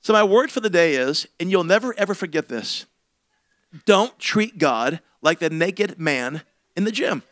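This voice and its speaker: Man preaching, high bright voice, dry close sound, comic storytelling, swings loud to hushed. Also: lively intonation, measured pace, no echo. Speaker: senior pastor. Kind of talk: storytelling sermon.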